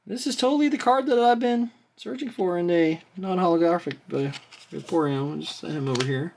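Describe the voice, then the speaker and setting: A host excitedly opening trading card packs on camera, chatting casually, often exclaiming and apologizing, and drifting into rambling asides. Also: mid-range voice, normal speed. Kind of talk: casual pack-opening commentary.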